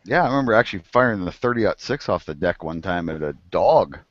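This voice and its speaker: A man's voice: sits low, expressive, a little fast, no room sound. A man telling farm and hunting stories in casual chat, laughing often and acting out animals and people. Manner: laid-back storyteller, laughs often, acts out animals and people. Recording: muffled, dull sound.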